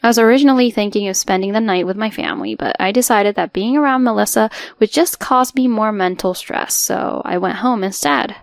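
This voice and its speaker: A woman's voice: mid-range voice, animated, brisk, creaky, hardly any pauses, no echo, faint music behind. A woman in her twenties narrating a scripted first-person story in an earnest, hurt way. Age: 20s.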